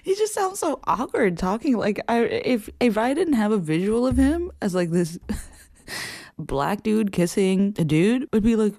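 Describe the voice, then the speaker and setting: Man, casual commentary host, sarcastic, expressive, mellow voice, dry sound. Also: high-pitched, normal speed, vocal fry, dry recording. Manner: expressive, sarcastic, swears often, laughs a lot. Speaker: podcast host.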